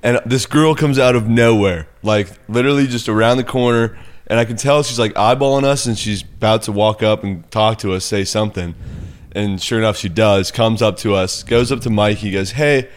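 A man's voice: on the low side, fairly quick, smooth. A young man hosting a sports betting podcast, teasing his co-host and telling stories with laughs. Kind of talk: casual chat.

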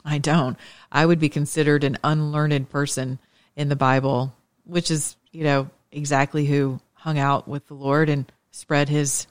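A woman's voice: low-pitched, no echo. A woman with a Southern accent hosting a faith talk show, joking and preaching with lots of rhetorical questions. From Southern United States. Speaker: show host.

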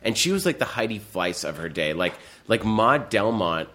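A man, a guest filmmaker, telling rambling, animated anecdotes in casual chat, full of fillers and restarts. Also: on the low side, moderate pace.

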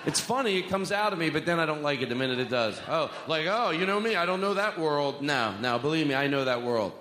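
Pushed and bright, this man's voice is a little high, expressive, and fast. He's a stand-up comedian performing live at a comedy club, rambling, swearing, and ribbing himself as he jokes with the crowd. The recording has the long reverb of an echoey hall.

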